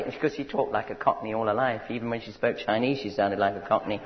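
A man's voice: mid-range voice, quick pace, hardly any pauses, noisy background. A man preaching a sermon, telling stories and asking the congregation if they follow him. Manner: storytelling, conversational asides to the congregation. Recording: dull recording with long hall reverb.

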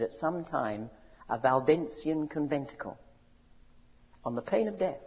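A man preaching a sermon, building to loud rousing cries and asking his audience questions. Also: a little high, animated, measured pace, long pauses. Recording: dull recording in a large reverberant hall.

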